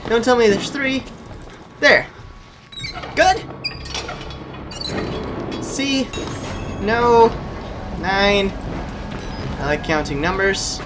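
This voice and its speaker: A man's voice: high voice, very slow, pauses often, music in the background. A man commentating a horror game, joking and talking to the characters, yelping when scared. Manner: jokey, yelps and shrieks when scared; chatty, talks to game characters. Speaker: gameplay commentator. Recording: noisy home recording.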